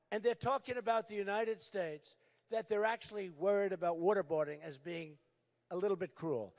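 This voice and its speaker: An older man giving a campaign rally speech at a podium microphone, repetitive and emphatic, shouting at times. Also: sits high. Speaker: political candidate. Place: large rally venue.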